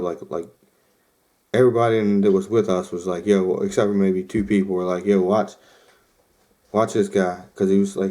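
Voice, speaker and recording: A man's voice: on the low side, warm tone. A young man hosting a podcast, casually telling a rambling story with lots of fillers and quoted asides. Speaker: podcast host.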